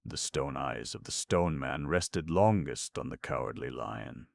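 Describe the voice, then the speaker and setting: A man narrating a classic children's storybook in a steady, measured reading. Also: very deep voice, creaky. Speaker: audiobook narrator.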